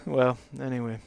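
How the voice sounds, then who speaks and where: A man's voice: mid-range voice, creaky, a little mellow. A man chatting casually while streaming a building game, laughing often and filling his talk with lots of ums. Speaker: live gaming streamer.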